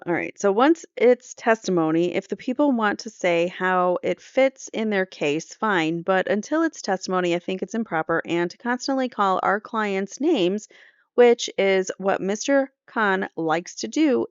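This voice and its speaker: A woman's voice: medium pitch, animated, unhurried, smooth, dry recording, lo-fi sound. A woman hosting a court channel, reading trial transcripts aloud and breaking off for opinionated, conversational commentary. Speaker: true crime court channel host.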